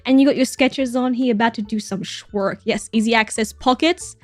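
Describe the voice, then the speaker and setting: A woman's voice: a little high, fairly even intonation, brisk, hardly any pauses, dry recording, faint music behind. Foul-mouthed gushing woman streamer. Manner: gushing and swearing, mock-jealous outbursts, frequent laughs. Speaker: streamer reacting to viewer submissions. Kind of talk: casual livestream chat.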